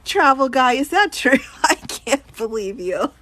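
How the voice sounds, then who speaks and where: With a high-sitting, sharp-toned voice that swings widely in pitch, a woman attorney answers viewer questions on a casual live stream at a measured pace. She reads the chat questions aloud and giggles a lot, and there is a little hiss or hum in the audio.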